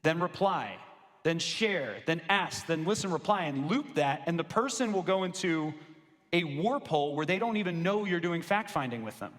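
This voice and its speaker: A man coaching law firm owners in a live sales presentation, energetic and casual, with slangy asides. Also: fairly high pitch, normal speed. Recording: long reverb of a large hall.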